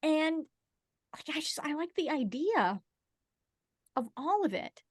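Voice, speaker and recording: A woman's voice: high voice, sing-song, no echo, studio quality. A woman co-hosting a casual book chat over a video call, teasing and joking. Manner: teasing, joking, drawn-out speech. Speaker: podcast co-host.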